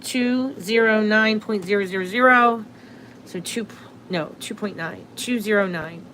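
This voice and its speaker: A woman chats loosely into her phone, hosting a livestream and often restarting her sentences. Her pitch sits in an ordinary middle range. A faint hiss of background noise runs under the recording. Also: measured pace, a bit bright. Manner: chatty, self-interrupting, laughs at herself. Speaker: astrology livestream host. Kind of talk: casual livestream chat.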